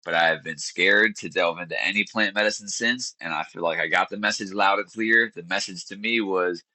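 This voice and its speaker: Earnest man in his thirties, low bright voice. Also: brisk, no room sound, rough recording. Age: 30s. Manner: earnest, searching for words. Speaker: podcast guest. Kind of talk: candid interview storytelling.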